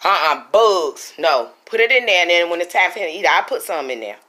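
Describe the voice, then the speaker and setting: A woman's voice: lowish voice, animated, fairly quick, bright, forceful tone. A middle-aged woman, chatting casually to her viewers at home. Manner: chatty, talks to viewers as y'all. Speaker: vlogger. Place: living room at home.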